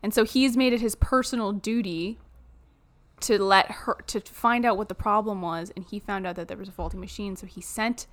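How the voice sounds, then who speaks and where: A woman co-hosting a podcast recaps a movie in casual, jokey conversation, swearing now and then. She sounds animated, with a medium-pitched voice and a moderate pace.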